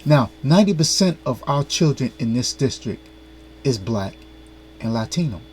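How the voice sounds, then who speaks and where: A man's voice: mid-range voice, lively intonation, normal speed, slight background noise. Earnest male vlog host. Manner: earnest, pointed, critical. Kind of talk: commentary vlog.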